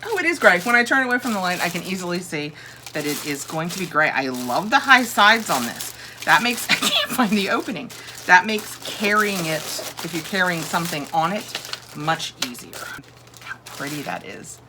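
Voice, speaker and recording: Woman, casual unboxing chat, gushing, slightly low voice. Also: big pitch swings, normal speed, background noise. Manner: gushing, chatty, thinks aloud. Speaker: home decor unboxing vlogger.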